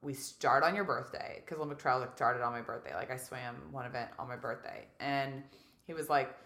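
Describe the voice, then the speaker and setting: Woman, thirties, low voice, casual storytelling, acts out quotes, echoey room. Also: a little fast. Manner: animated, acts out quotes, heavy use of "like". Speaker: guest.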